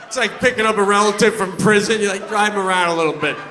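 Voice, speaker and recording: A man doing a stand-up comedy set on stage, animated and loud when he acts out quotes. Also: sits high, quick pace, background noise. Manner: animated, swings into loud put-on voices for quotes. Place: on stage before a laughing audience.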